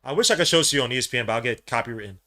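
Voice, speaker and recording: A man hosting a live sports watch-along podcast, talking in casual slang and swinging from low mutters to loud cheering. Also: expressive, rapid-fire, background noise. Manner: casual slang, calls listeners bro and son. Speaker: podcast host.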